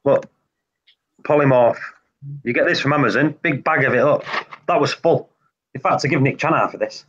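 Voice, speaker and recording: A man's voice: medium pitch, normal speed, a bit bright. A man hosting a casual live stream, chatty and repetitive, explaining each step as he demonstrates. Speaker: reef-keeping show host. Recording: slightly muffled live-stream audio, faint hiss.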